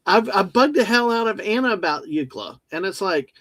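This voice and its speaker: A jokey man co-hosting a livestream from home, rambling along and reading chat aloud. His voice sits a little high for a man, and the sound is dry and close, with no room around it. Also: expressive, normal speed, a bit bright, dry recording. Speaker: livestream co-host.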